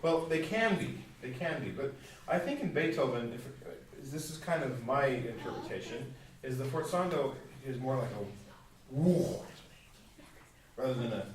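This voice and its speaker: Male masterclass teacher, playful explainer, roomy distant pickup with faint hiss. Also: mid-range voice. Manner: playful, uses vivid sound words. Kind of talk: coaching a string quartet. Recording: echoey hall from far off.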